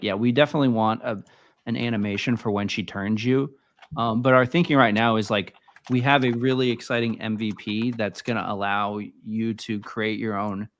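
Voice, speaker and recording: Man, mid pitch, video call, casual livestream co-host, chatty, easygoing. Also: no room sound, studio quality. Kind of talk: casual live-stream talk.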